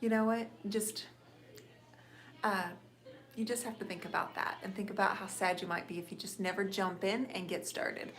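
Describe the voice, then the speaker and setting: A middle-aged woman hosting a live painting show, chatting warmly and encouraging viewers, calling them sister and honey. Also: medium pitch, steady tone, normal speed. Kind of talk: live painting stream chat. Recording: echoey room with faint noise.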